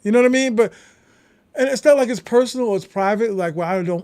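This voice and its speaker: A man, a podcast guest telling stories in casual conversation, emphatic and animated, swearing often. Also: extremely high pitch, fast talker. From New York City.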